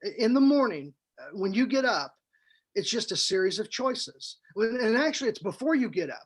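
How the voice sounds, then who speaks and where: A man, co-host and author on a podcast, tells a story in a casual, animated way, repeating himself and adding fillers as he goes. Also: sits high, moderate pace, husky. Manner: animated, rambling storyteller who repeats words.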